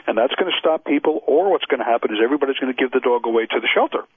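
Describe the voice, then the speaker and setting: A man talks as a dog trainer on a radio interview, hammering his points with repetition. His voice is husky. It comes over a dry, narrow phone-like line. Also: medium pitch, expressive, very fast, no room sound. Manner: emphatic, repeats points, acts out owners' excuses. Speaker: dog trainer and expert witness.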